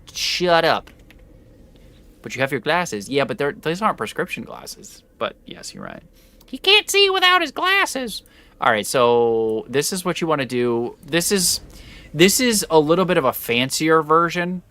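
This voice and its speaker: With a medium-pitched, slightly bright voice and no echo in the recording, a young man talks to his live-stream chat as he plays. His chatter is casual and rambling, and he keeps correcting himself.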